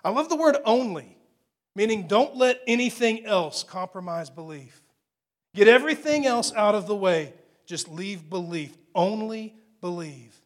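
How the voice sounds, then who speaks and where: Man, preacher, high-pitched, dramatic sermon, drops to hushed whispers, emphatic repetition. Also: lively intonation, a little slow. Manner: dramatic shifts to hushed, near-whispered scripture quotes.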